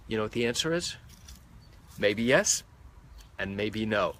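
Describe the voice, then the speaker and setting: A man's voice: fairly low pitch, animated, a little slow, long pauses, fairly bright tone. Methodical male lawyer explaining live. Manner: methodical, counts points off by number. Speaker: medical malpractice lawyer. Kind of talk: live-streamed legal explainer. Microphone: phone held close.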